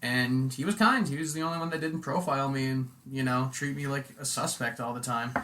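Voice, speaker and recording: A man in casual podcast chat, telling stories in a relaxed way full of "like" and "you know". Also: mid-range voice, brisk. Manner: relaxed storytelling, loose with fillers like "like".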